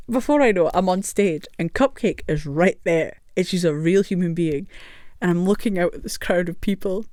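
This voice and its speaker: A woman's voice: medium pitch, expressive, moderate pace, darkish tone, dry recording, clean studio sound. A woman telling a story to camera in a casual, rambling way, swearing freely and laughing often.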